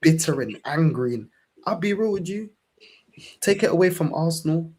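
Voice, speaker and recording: Slight background noise sits behind a young man from England with a London accent, who hosts a fan channel in casual podcast chat. His fairly high, somewhat mellow voice has lively intonation at normal speed as he swears passionately and keeps saying "bro."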